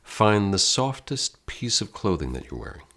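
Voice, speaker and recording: A man's voice: fairly low pitch, very animated, moderate pace, a bit bright. A man with an American accent teaching an online acting lesson, speaking directly and theatrically to the viewer as if to a class.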